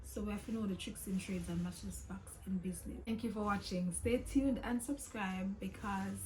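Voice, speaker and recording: A woman's voice: mid-range voice, normal speed, warm tone, a little hiss or hum, low-quality recording. A Jamaican woman vlogger casually telling a travel story, slipping patois into her talk.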